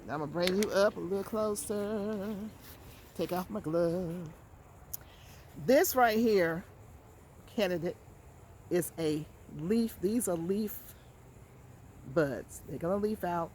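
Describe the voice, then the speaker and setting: A woman's voice: lowish voice, takes it slowly, pauses often, darkish tone, a little hiss or hum. A woman hosts a casual how-to vlog from her backyard garden, chatting straight to viewers and repeating words for emphasis. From Georgia, USA. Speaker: gardening channel host.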